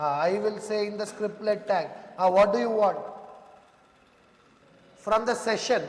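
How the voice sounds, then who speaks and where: High-voiced male coding instructor, echoey room. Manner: talks students through code step by step, asking checking questions; addresses students as "sir" and "boss". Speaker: programming instructor. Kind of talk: live coding lecture. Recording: echoey room with long reverb.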